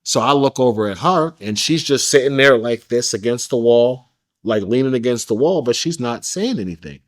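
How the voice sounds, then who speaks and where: A man's voice: mid-range voice, expressive, moderate pace. Blunt, slangy male interview guest. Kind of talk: candid first-person storytelling.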